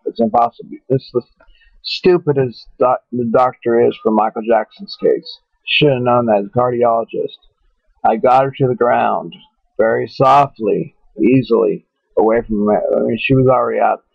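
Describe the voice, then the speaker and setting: A man's voice: mid-range voice, gravelly, dry recording. Man rambling on a tinny webcam. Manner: halting, repeats himself, cusses casually. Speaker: webcam vlogger. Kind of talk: rambling casual storytelling. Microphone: webcam microphone. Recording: dry, phone-like lo-fi webcam audio.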